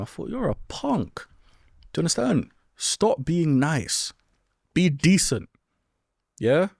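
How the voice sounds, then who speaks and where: A young man talks straight into the mic, blunt and lecturing, as he hands out advice on his own podcast. His voice sits at an ordinary middle pitch, and the sound is close and dry with no room around it. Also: darkish tone, no room sound. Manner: blunt, lecturing, keeps asking "do you understand?". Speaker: podcast host. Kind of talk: solo advice monologue.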